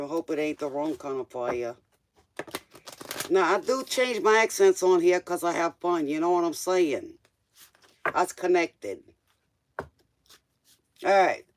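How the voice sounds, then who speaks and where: A man's voice: fairly high pitch, noisy background. A man doing a live-stream tarot reading, casual and joking, talking straight to the viewer in loose, slangy speech. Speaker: tarot reader.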